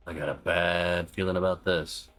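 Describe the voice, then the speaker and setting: Deep-voiced man narrating a game. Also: flat delivery, normal speed, fairly bright tone, no room sound. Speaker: game streamer. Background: faint game music.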